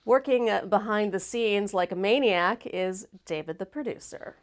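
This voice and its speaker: A woman hosting a casual live stream, loud, laughing often and swearing freely. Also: medium pitch, normal speed. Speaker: host.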